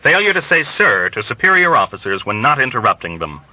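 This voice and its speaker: A man's voice: medium pitch, big pitch swings, fairly quick, no room sound, natural voice. A man voicing a stiff, pompous army major who speaks coldly and officiously, in a dull, dry recording. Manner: prim and officious.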